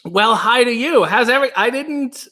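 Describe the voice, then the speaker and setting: A man's voice: very high voice, lively intonation, moderate pace, pushed and bright, a little hiss or hum. A man hosting a casual livestream, rambling and joking while he reads out chat comments. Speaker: livestream host.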